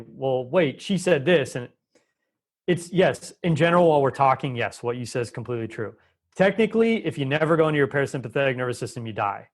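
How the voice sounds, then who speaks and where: A man as a guest in a conversational interview, explaining with emphasis and changing his pace often. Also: fairly high pitch. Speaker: Ayurvedic doctor, guest.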